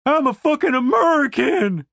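A man's voice: very high voice, very animated, normal speed, fairly bright tone, no room sound, studio quality, pitched above the performer's own voice, full character voice. A man voicing a drunk, belligerent, foul-mouthed woman who taunts and swears. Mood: furious. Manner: crude, slurred taunting.

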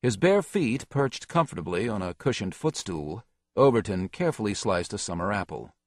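A man giving a steady, measured scripted audiobook narration. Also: on the low side, no room sound.

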